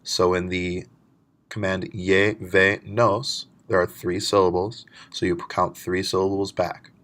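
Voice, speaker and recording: A man teaching a recorded lecture, explaining step by step and slowing down to model words. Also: low-pitched, monotone.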